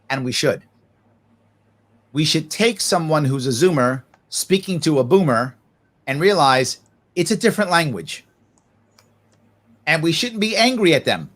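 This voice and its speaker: Male, 40s, podcast guest; slightly raised pitch, talks off the cuff, animated, laughs easily. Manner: animated, laughs often, acts out other voices.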